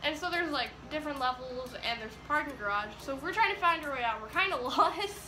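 A teenage girl telling an excited vlog story, rambling giddily with lots of "like"s. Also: high-pitched, a little fast. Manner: giddy, rambling with many "like"s. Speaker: vlogger. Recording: echoey room with faint music.

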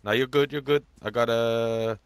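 A man talking quietly and quickly to another player in in-game voice chat, in a laid-back way. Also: mid-range voice, steady tone, smooth, no room sound.

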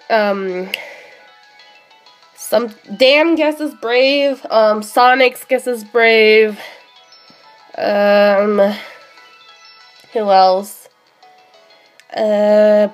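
A woman live-streaming a game in easy, excitable chat, her voice sitting a touch high. She talks slowly, stretching her words and filling gaps with long fillers. Faint game music plays underneath. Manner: excitable, frequent drawn-out fillers. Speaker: streamer hunting shiny creatures in a game.

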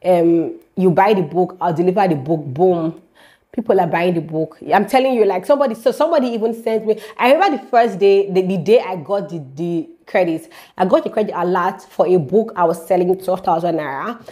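A young woman telling her faith testimony to camera in a lively, repetitive storytelling way, speaking straight to her viewers. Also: lowish voice, fairly quick. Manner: animated storytelling, repeats phrases, speaks directly to viewers. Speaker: vlogger sharing a faith testimony.

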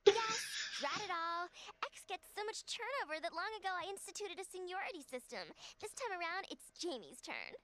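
Super high singsong cartoon party girl, bouncy. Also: sing-song, normal speed, sharp tone, heavily acted. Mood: perky. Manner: perky, singsong. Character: bubbly bossy party-throwing schoolgirl. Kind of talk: cartoon voice acting.

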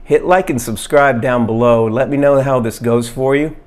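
A man's voice: medium pitch, a little mellow. Earnest man demoing food on camera. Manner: earnest, plain-spoken, pauses with fillers; reads study excerpts aloud haltingly. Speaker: health vlogger. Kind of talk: casual demonstration to camera.

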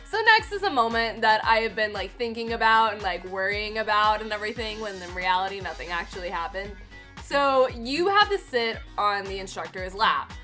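A woman's voice: medium pitch, expressive, moderate pace, music in the background. A young woman chatting to her camera in a giggly, self-mocking way, telling a story to her viewers. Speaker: vlogger. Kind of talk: casual chat to camera. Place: indoors, sitting on a cardboard box.

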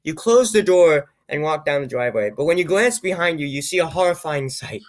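A man reading an odd, computer-written story aloud, with low-key, wry remarks on the text and frequent stumbles over words. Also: expressive, a little fast. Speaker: YouTuber reading AI-generated stories. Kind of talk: comedic reading with asides.

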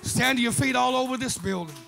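A man preaching a sermon, telling a story and then rising into fervent shouts. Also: very high-pitched, a little fast, gravelly, over music. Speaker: pastor.

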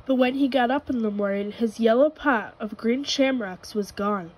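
A woman reading a children's picture book aloud, telling it gently and clearly. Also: a little high, moderate pace, slight background noise, poor audio. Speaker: storybook reader.

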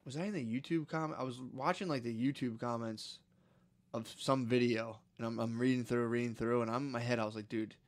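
A young man rambles through a story on a podcast, cursing freely and acting out the people in it. His voice sits at an ordinary middle pitch. The sound is dry and close, with no room around it. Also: steady tone, a little fast, no echo. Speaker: podcast co-host. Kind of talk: casual chat.

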